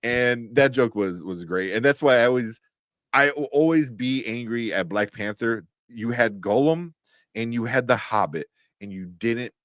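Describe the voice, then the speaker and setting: A man co-hosting a casual show review chat, animated and laughing often, with lots of fillers. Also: medium pitch, moderate pace, no room sound, studio quality. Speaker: podcast co-host.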